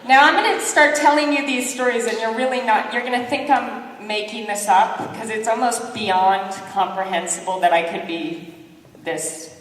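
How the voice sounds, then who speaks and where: A woman giving a motivational keynote, telling lively, self-deprecating stories and acting out what people said. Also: a little high, moderate pace, slight background noise. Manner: lively, self-deprecating storyteller who acts out quotes. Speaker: keynote speaker. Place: large conference hall. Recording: echoey hall, distant mic.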